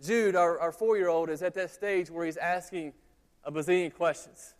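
A man in his thirties delivers a sermon to his church, his voice sitting notably high. He tells stories in a chatty, animated way and keeps turning to the congregation with asides. The sound carries a long reverb from the church hall. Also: moderate pace, clear, resonant tone. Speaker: pastor. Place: church sanctuary.

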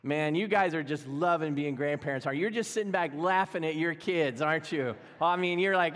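A man's voice: a little high, a little fast, hardly any pauses, a bit bright. A middle-aged man preaching a sermon as pastor, conversational, humorous and self-deprecating. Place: church sanctuary. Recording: long reverb of a church hall.

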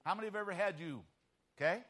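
A man's voice: sits high, fast talker, a bit bright. A man preaching a sermon emphatically and often checking in with his listeners.

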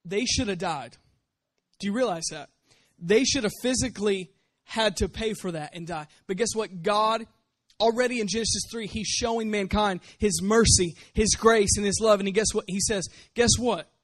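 A man's voice: high-pitched, moderate pace, no room sound. A man preaching a sermon as pastor, pressing his points with repeated rhetorical questions.

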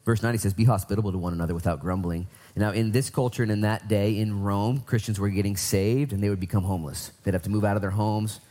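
A man's voice: on the low side, steady tone, fast, hardly any pauses, dark tone. A man preaching a conversational sermon, emphatic, swinging up and down for stress. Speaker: pastor.

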